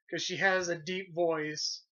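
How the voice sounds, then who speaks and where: Young man, movie review host, sarcastic, animated, casual swearing, muffled lo-fi audio. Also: high-pitched, slow pace. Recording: dull lo-fi sound.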